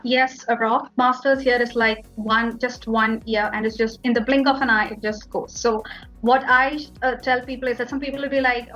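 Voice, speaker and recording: A woman's voice: a little high, fairly even intonation, normal speed, a bit bright, soft background music, poor audio. A young woman from India with an Indian accent, talking casually as an interview guest and filling her speech with "like" and "you know". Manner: chatty, fillers like "like" and "you know".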